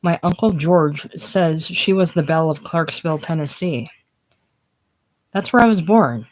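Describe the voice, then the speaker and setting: A woman voicing a chatty, excitable young woman who rattles on about her stage triumph, in a casual script reading. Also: deep voice, a little slow, low-quality recording. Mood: gushing. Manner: rattles on breathlessly, gushing.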